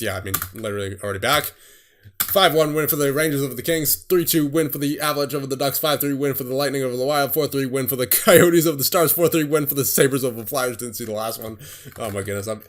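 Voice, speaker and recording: A man's voice: mid-range voice, slight background noise. Young man rattling off game scores. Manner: rattles off scores in quick bursts, then laughs at himself. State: voice getting tired. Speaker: gaming streamer. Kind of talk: casual game commentary.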